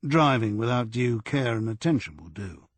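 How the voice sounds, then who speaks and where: A man's voice: medium pitch, animated, moderate pace, no room sound, close to an everyday voice. A man playing a blunt, persistent police detective in an audiobook, pressing with firm questions.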